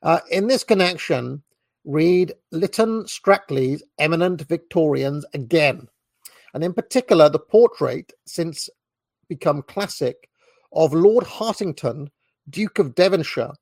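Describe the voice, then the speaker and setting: Man from Britain, gravelly voice, dry close sound, measured reading aloud with small self-corrections. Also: a little high, animated, a little mellow, no room sound. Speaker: reader. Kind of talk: reading a book aloud with asides.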